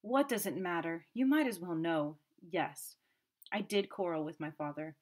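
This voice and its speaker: Brief: haughty quick-tempered young man, sullen under questioning, read by a woman narrator. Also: fairly high pitch, lightly acted. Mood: furious. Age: young adult.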